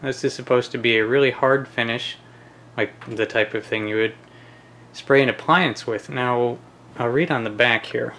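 A man casually explaining a product test as a hobbyist, relaxed, with many pauses and restarts. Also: medium pitch, a little hiss or hum. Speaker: hobbyist reviewer. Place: home shed.

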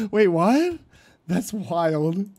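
A streamer reacting live to a video, excitable and laughing often. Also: mid-range voice, very slow, husky.

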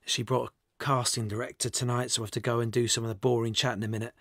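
A man's voice: medium pitch, little pitch movement, fast, fairly bright tone, dry recording, studio quality. A man voicing a friendly, breezy young actor in an audiobook. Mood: upbeat. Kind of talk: audiobook character voice.

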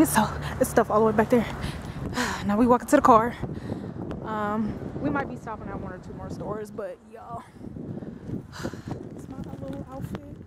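A young woman vlogging from her phone, chatting excitedly with her viewers as she walks through a busy shopping center and a crowded restaurant. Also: fairly high pitch. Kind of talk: casual handheld vlog. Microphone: phone camera held in hand. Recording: loud crowd and noise on a phone mic. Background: crowd chatter and street noise.

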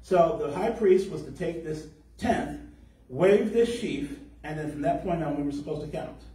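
Male teacher delivering an explanatory sermon, warm voice, recorded from afar in a reverberant hall. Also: a little high, normal speed. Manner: explanatory, stretches key words for emphasis. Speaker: congregation teacher. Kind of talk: sermon on scripture. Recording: echoey room, voice from far off.

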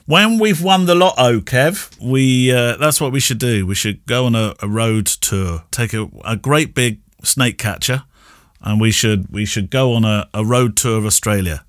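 A man's voice: mid-range voice, unhurried, a bit bright, dry recording, studio quality. A man from Yorkshire with a received pronunciation accent, co-hosting a casual podcast in a chatty, playful way. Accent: received pronunciation English. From Yorkshire, England. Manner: chatty, playful, laughs often. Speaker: podcast co-host.

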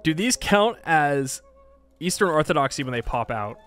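A man's voice: fairly high pitch, animated, normal speed, fairly bright tone, soft background music. A man commentating his strategy game, thinking aloud and exasperated at setbacks. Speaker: gaming YouTuber. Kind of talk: let's play commentary.

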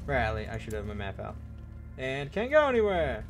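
Excitable young man yelling at his game. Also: mid-range voice, moderate pace, soft background music. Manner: excitable, swears and yells at the game. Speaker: gaming video host. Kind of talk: gameplay commentary.

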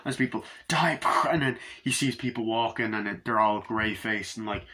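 A man's voice: lowish voice, normal speed, noisy background. A young man giving a rambling, casual film review, swearing freely and acting out scenes in voices.

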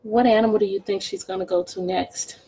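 A woman teacher reading a picture book aloud to children, pausing to ask them questions. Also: medium pitch, slight background noise, poor audio. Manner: slow, expressive, asks children questions. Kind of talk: storybook read-aloud lesson.

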